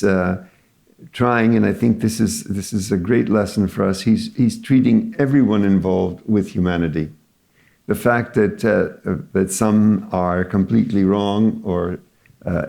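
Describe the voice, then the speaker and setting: An older man with a low, gravelly, mellow voice, speaking as a cardinal at a university panel. He answers slowly and carefully, pausing often with fillers. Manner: measured, hesitant, many fillers.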